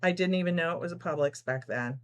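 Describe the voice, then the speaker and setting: A woman's voice: lowish voice, fast talker. A middle-aged woman from New Jersey hosting a casual live sew-along, chatting, laughing often and reading out viewers' comments as she sews. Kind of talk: casual live-stream chat while sewing.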